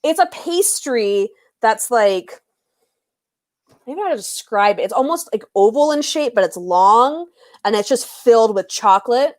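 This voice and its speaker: A woman's voice: a little high, animated, unhurried. Chatty young woman telling stories. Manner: chatty, laughs often, storytelling. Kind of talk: casual chat on a livestream.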